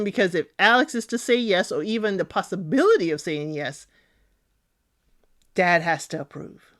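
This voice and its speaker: A woman's voice: lowish voice, moderate pace. A woman hosting a podcast, giving a casual, opinionated TV recap and acting out what people said. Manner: expressive, acts out other people's lines. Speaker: podcast host.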